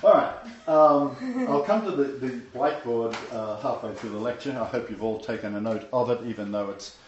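A man's voice: medium pitch, expressive, moderate pace, slight background noise. A man, teaching a casual sermon as pastor. He is chatty and emphatic, laughs often and uses many fillers. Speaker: pastor leading a Bible study. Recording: roomy, slightly dull lo-fi recording.

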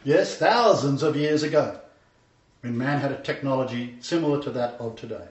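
Earnest preacher in an echoey room. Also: male voice, mid-range voice, normal speed. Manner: earnest, storytelling, emphatic repetition. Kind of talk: sermon. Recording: echoey room, distant mic, dull lo-fi sound.

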